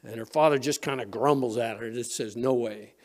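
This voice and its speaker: A man's voice: medium pitch, fast talker. A male pastor preaching a sermon in a church, retelling a story conversationally with frequent restarts. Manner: storytelling, retelling scenes with quoted voices. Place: church sanctuary.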